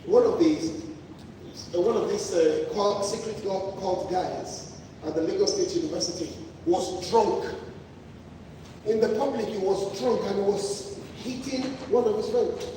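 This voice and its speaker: A high-voiced man preaches a sermon, pressing his points through repetition and restarts. He sounds far from the mic in a large, echoing hall with long reverb. A clear layer of noise sits under his voice. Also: unhurried, mellow. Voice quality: emphatic, repetitive phrasing with restarts. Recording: echoey hall from far off, noisy.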